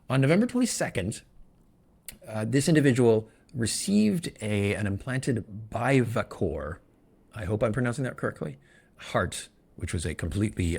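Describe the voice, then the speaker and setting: A man's voice: lowish voice, gravelly, darkish tone, slightly rough. A man hosting a solo good-news podcast, chatting casually and wandering into joking, self-interrupting asides. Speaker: podcast host.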